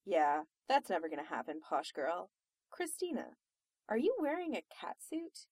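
A woman reading aloud, voicing a brash, loud young woman who talks with blunt sarcasm. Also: on the low side, sing-song, a little slow, husky, no echo, exaggerated voice. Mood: sarcastic.

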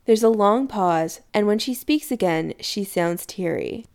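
A woman reading story narration aloud in an expressive, lively way. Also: mid-range voice, a little slow, gravelly, clean tone. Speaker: reader.

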